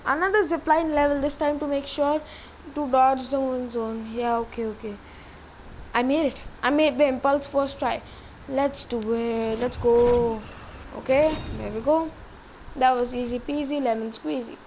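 A gaming channel host giving excitable live commentary on his own play, talking to himself as he goes. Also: high voice, normal speed, a little hiss or hum, rough recording. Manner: excitable, talks to himself while playing.

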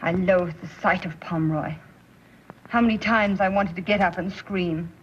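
A woman's voice: fairly low pitch, normal speed, a little hiss or hum, lightly acted. Brief: a woman as a tense, earnest widow, muffled old radio sound. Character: troubled, determined young widow. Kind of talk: 1930s radio drama acting. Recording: muffled 1930s radio recording.

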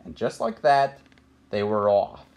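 Slow, lively storybook narrator over music. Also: medium pitch. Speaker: audiobook narrator.

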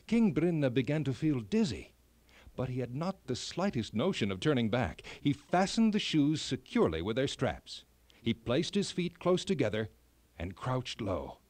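A man narrating a children's fairy tale in an expressive storybook reading. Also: mid-range voice, no room sound.

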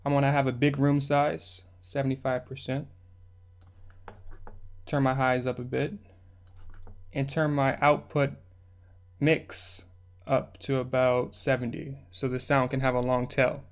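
A man's voice: mid-range voice, flat delivery, a little slow, long pauses, clean tone. A man hosting a music production tutorial, talking through the steps in a laid-back, slangy way. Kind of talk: casual screen-recorded tutorial narration.

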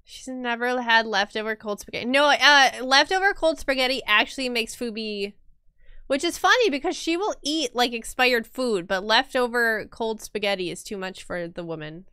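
Woman streamer-artist, casual rambling chat with frequent laughs; bright, crisp, lively voice. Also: a little high, moderate pace, no room sound, studio quality. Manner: chatty and rambling, laughs often. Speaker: streamer and illustrator. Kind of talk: casual livestream chat while drawing.

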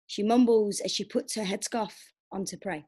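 A woman's voice: medium pitch, fairly even intonation, moderate pace, a little mellow, husky. Young woman performing spoken word poetry. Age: young adult. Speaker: poet.

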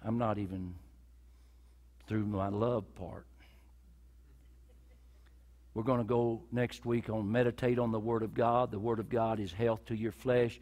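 A male pastor preaching a sermon in a church, his delivery swinging from loud cries down to near whispers. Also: lowish voice, level tone, a little slow, pauses often. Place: church sanctuary with a congregation. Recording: reverberant church hall.

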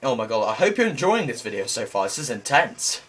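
A young man giving excitable let's play commentary, shouting exclamations and making sound effects while he plays. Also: medium pitch, brisk, slightly rough. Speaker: gameplay commentator.

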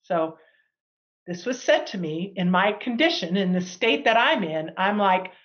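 A middle-aged woman sharing a personal healing testimony as a guest, animated and acting out the people she quotes. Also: medium pitch, a little slow, highs cut off. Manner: animated, acts out quoted dialogue.

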